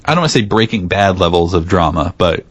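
A man's voice: low voice, expressive, fast, slightly rough, no echo. A man co-hosting a podcast in casual chat, rambling and teasing with many fillers. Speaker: podcast co-host.

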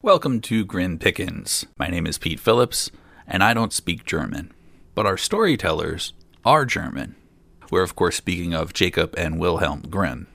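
A man's voice: low-pitched, very animated, normal speed, creaky, fairly bright tone, slight background noise. A man hosting a storytelling show, reading an old fairy tale aloud with dry, joking asides. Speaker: storyteller host.

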